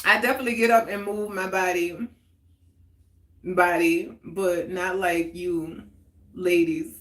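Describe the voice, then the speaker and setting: A woman's voice: fairly low pitch, fairly even intonation, a little slow. A woman in her forties hosting a casual heart-to-heart talk stream, chatty and candid, answering viewers' comments aloud and laughing often. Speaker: host of a live talk stream. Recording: roomy echoey sound.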